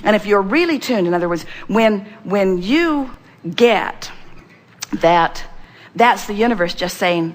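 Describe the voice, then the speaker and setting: A woman's voice: mid-range voice, lively intonation, unhurried. A woman giving an inspirational seminar talk. She speaks emphatically, talks of herself as "we", and slips into chanted repetitions. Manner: speaks as a collective "we". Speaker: spiritual teacher speaking to a seminar audience.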